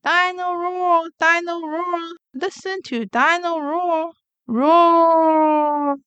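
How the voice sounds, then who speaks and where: A woman's voice: extremely high pitch, fairly even intonation, extremely slow, no echo, muffled recording, pitched above the performer's own voice, exaggerated voice. A woman singing as a roaring toy dinosaur. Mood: roaring song. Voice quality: loud sing-song roaring chant.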